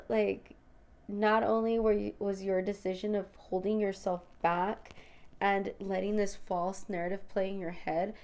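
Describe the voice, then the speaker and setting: A woman's voice: medium pitch, level tone, a little slow, darkish tone. Reflective woman hosting a spiritual podcast. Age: adult mother of school-age children. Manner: reflective and confessional, full of "you know" and "like"; talks straight to listeners as "you guys". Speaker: podcast host. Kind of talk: personal spiritual podcast monologue.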